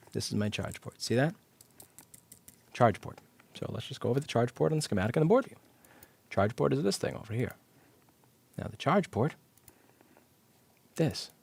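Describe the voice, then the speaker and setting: A man's voice: medium pitch, vocal fry, a little mellow, breathy edge. A man teaching electronics repair on a live stream, blunt and sarcastic, cursing casually as he explains the circuit step by step. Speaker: repair instructor. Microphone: clip-on mic.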